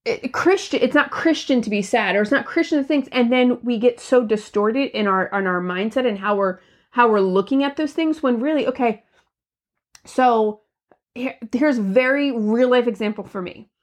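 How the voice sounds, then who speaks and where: A woman's voice: on the high side, moderate pace. A woman in her thirties, a mother co-hosting a Christian podcast, talking casually and acting out her own frustrated thoughts. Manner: animated, acts out her own frustrated lines. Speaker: podcast co-host. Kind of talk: casual faith podcast chat.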